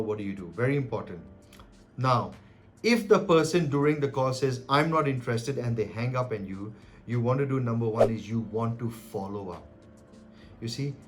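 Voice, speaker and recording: A man coaching on cold calling, talking emphatically and acting out sample calls. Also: mid-range voice. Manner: animated, emphatic, acts out calls. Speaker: sales coach. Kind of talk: direct-to-camera coaching talk.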